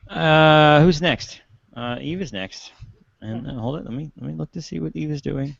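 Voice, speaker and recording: A man's voice: on the high side, normal speed, gravelly, slightly rough, dry recording. A man moderating a panel chat, hesitant and full of fillers. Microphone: video call. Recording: dry, lo-fi video call audio.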